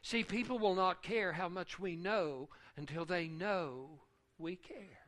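A preacher with a high, bright, ringing voice, delivering a sermon slowly and deliberately. He repeats phrases in a steady rhythm and swings between hushed, near-whispered lines and loud, full-voiced outbursts. His delivery is openly emotional.

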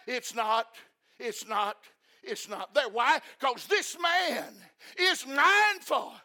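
Male preacher, impassioned sermon, bright tense tone, shouts at times. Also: very high voice, slow pace. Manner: fervent, repeats phrases, bursts into shouting.

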